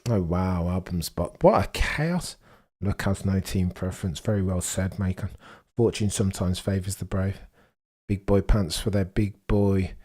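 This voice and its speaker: A young man hosting a live race watchalong, chatting excitedly to his viewers and firing off rhetorical questions. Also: sits low, measured pace. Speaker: livestream watchalong host.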